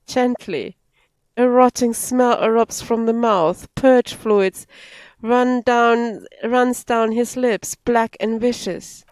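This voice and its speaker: A woman streamer reading the game's text aloud, slow and careful, with laughing asides. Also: a little high, fairly even intonation, a little mellow, no echo. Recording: faint game music behind.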